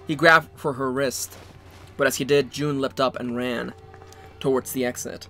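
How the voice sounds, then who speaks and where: A man's voice: medium pitch, fairly even intonation, normal speed, sharp tone, faint music behind. A man co-hosting a game playthrough, reading the story text aloud with playful jokes. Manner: playful, jokey, mock-dramatic reading. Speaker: let's play co-host.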